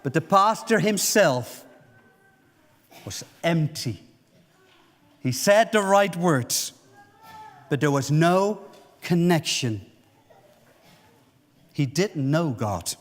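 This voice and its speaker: A man's voice: a little high, lively intonation, extremely slow, long pauses. A male pastor preaching a sermon, telling a story vividly and acting out the lines of its characters. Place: church sanctuary. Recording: reverberant church hall.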